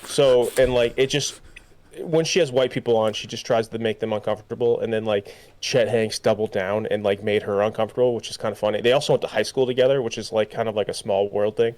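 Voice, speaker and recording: A man's voice: on the low side, steady tone, quick pace, darkish tone. A young man co-hosting a podcast, talking in a loose, rambling way with many fillers and restarts. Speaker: podcast co-host. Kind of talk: casual chat.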